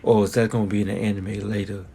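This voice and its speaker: A young man with a lowish voice talks through a film review in a loose, rambling way, piling on slang and restarting his sentences. Faint background noise hums under him. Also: little pitch movement, fast talker, warm tone. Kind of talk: casual spoken review.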